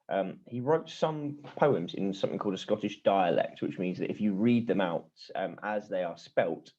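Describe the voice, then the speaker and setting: Man, teacher, class assembly, chatty with ums, mellow, lo-fi muffled recording. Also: fairly low pitch. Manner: chatty, with many ums and lively ups and downs. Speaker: primary school teacher.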